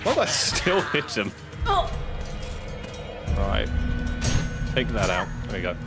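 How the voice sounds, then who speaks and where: An excitable English man chats through his gameplay, his voice swinging widely between low mutters and high yelps. He swears freely when things go wrong. Game music plays clearly behind him. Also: slow pace. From England. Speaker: streamer. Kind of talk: casual gameplay commentary.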